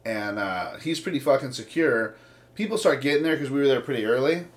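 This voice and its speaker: Talking briskly at medium pitch, this man spins casual stories laced with curses. He brings them to life by performing quoted voices.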